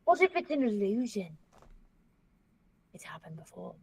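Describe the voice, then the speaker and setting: A woman's voice: medium pitch, sing-song, measured pace, gravelly, darkish tone, slightly rough, full character voice. A woman voicing an anxious, earnest young woman in a tabletop role-play, talking hesitantly, with restarts and trailing ends. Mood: worried. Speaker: player voicing a young grandchild character.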